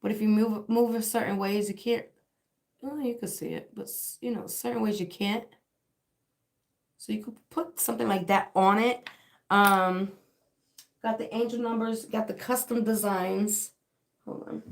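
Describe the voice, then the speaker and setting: A woman's voice: medium pitch, fairly even intonation, a little slow, vocal fry, pauses often. A woman with a sore, dry throat, hosting a casual livestream as a spiritual reader and shop owner, chatting in a rambling way with lots of fillers and laughs.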